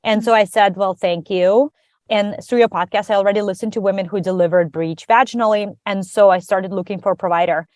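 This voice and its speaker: Woman guest recounting a personal story, lively and chatty, medium pitch, dry close sound. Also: brisk, no echo. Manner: animated, acts out quoted dialogue. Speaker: podcast guest. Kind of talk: conversational storytelling.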